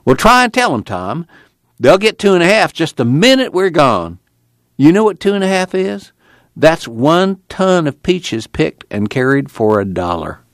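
A man doing a fervent high-voiced preacher. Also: sing-song, measured pace, no echo, clean studio sound. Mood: eager. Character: excited earnest rural preacher man. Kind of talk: audiobook character voice.

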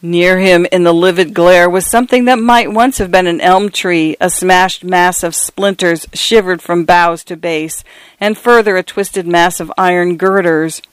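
A man reads a story aloud with measured, deliberate pacing. His voice is fairly high for a man, with a smooth, clear tone and a close, dry sound. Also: fairly even intonation, a bit bright, no echo. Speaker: narrator. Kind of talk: scripted story narration.

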